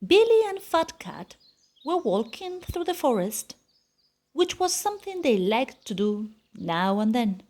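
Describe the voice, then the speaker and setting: Woman reading a kids picture book, slow and sing-songy, high voice. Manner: animated, expressive storytelling. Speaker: storybook reader.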